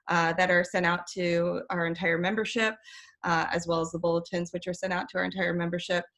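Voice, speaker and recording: A middle-aged woman talks through her work in an earnest, detailed way. Her voice sits a little low, and she often restarts her sentences. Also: fairly bright tone. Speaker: regulatory director, interview guest. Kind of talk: casual interview answers.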